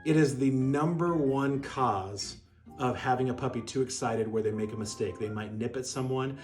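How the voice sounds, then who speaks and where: Middle-aged guy explaining puppy training, calm and even, soft guitar playing faintly behind. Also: medium pitch, moderate pace. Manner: calm, even-keeled, demonstrates voice tones. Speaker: dog breeder giving puppy tips. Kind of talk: instructional talk to camera. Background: soft guitar music.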